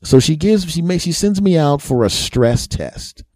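A man's voice: on the high side, expressive, a little slow, mellow, dry recording, studio quality. A man hosting a podcast, delivering a profane, self-mocking comedic monologue. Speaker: podcast host.

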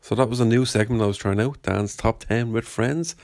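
A man's voice: fairly low pitch, fairly quick, vocal fry, a little mellow, no room sound. A man hosting a podcast, chatting casually and rambling in a self-deprecating way. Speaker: podcast host. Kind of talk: casual chat.

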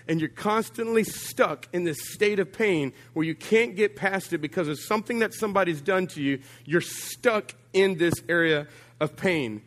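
A male pastor preaching a sermon, telling humorous stories with sudden jumps in pitch and loudness and calling out to the congregation. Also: moderate pace. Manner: humorous, animated storytelling with big swings of pitch and volume; addresses the congregation directly with call-outs.

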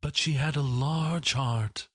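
A man voicing a soft-spoken, grave spirit in an audiobook reading. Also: mid-range voice, slow pace, slightly rough, dry recording, studio quality, pitched above the performer's own voice.

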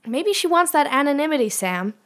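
A woman co-hosting a podcast with a slightly high voice. She reads listener mail aloud in a relaxed, chatty way and teases her co-host as she goes. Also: brisk. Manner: teasing, reads letters aloud. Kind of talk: casual chat.

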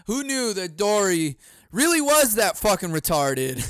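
Sarcastic, foul-mouthed male podcast host, high voice, smooth and dry. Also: very slow, long pauses, dry recording. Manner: profane, sarcastic, animated, laughs at own jokes. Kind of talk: comedic rant.

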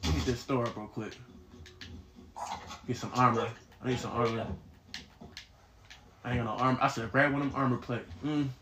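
A man streaming a game live, commenting loudly and profanely and trash-talking his teammates in excited bursts. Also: mid-range voice, brisk, pauses often, echoey room, background noise.

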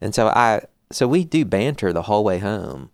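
A man in his forties co-hosting a church podcast, a jokey, animated storyteller who laughs often. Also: lowish voice, moderate pace, no room sound, clean studio sound. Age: 40s. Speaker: podcast co-host. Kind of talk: casual church podcast chat.

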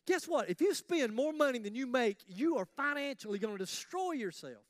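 A man preaching a sermon as pastor, animated and conversational, with jokes about himself. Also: very high voice, moderate pace, dry recording, clean studio sound.

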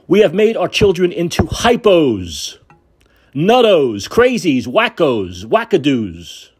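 A man's voice: mid-range voice, darkish tone, husky. Guy ranting on his podcast, sarcastic and swearing, voice all over the place. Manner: angry, sarcastic, profane. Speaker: podcast host. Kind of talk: political rant monologue.

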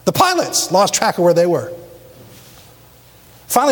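A man's voice: high voice, lively intonation, moderate pace, long pauses, slight background noise. A male pastor preaching emphatically in a church, asking the congregation rhetorical questions. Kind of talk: sermon. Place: church sanctuary. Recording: long church reverb.

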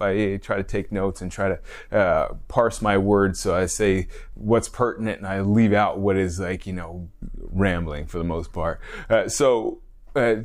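A man hosting a casual solo fitness podcast, a personal trainer who rambles, corrects himself and laughs often. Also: on the low side. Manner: rambling, self-correcting, frequent laughs and fillers.

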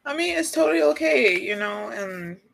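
A woman's voice: fairly high pitch, animated, moderate pace, vocal fry, a bit bright. A woman in casual chat who talks reflectively, wanders into tangents and leans on "like" and "you know.".

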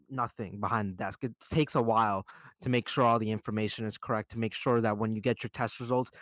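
A young man hosting a podcast, telling stories about bad customers in a casual, profane and animated way. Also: fairly low pitch, no echo. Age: young adult. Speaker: podcast host. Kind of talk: casual chat.

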